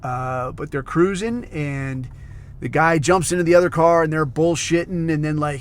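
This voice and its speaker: Male podcast host, cussing rambler with a slightly raised pitch, loose casual monologue. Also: moderate pace, smooth. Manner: profane, rambling storyteller, heavy on fillers.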